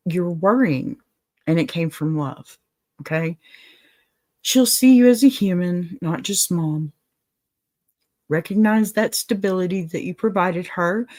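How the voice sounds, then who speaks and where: A woman hosting an advice show, talking casually and reassuringly to a viewer. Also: fairly low pitch. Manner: gentle, reassuring, apologetic asides. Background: dog in the room.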